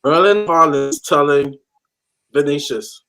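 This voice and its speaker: A man's voice: medium pitch, normal speed, fairly bright tone, rough recording. A man hosting a casual fan chat, laughing often and stumbling over his words. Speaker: podcast host.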